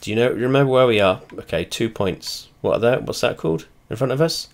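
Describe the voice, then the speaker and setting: A man's voice: medium pitch, lively intonation, a little fast, gravelly. A man, rambling casually and swearing a lot as he comments while playing a flight simulator. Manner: rambling, heavy swearing, blunt and chatty; trails off and restarts often. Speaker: video creator.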